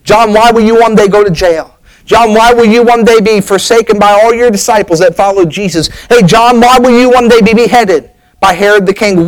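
A man's voice: high voice, moderate pace, rough recording. A man preaching a sermon, telling a story with an emphatic, rising and falling preaching cadence.

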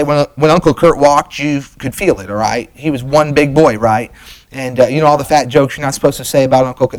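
A middle-aged man preaches from the pulpit in a folksy, storytelling way, slipping in fillers and restarting his sentences. His voice sits a bit on the high side. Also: rough recording. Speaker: pastor. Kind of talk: sermon.

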